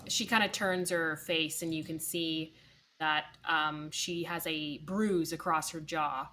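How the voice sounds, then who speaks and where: A woman narrating a tabletop game as game master, unhurried and descriptive. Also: deep voice, steady tone, sharp tone. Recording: clear background noise.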